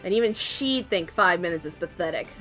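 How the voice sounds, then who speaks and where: A woman voicing a sharp-tongued young woman in a game, sarcastic and whiny. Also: fairly low pitch, expressive, brisk, faint music behind, pitched below the performer's own voice. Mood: snippy.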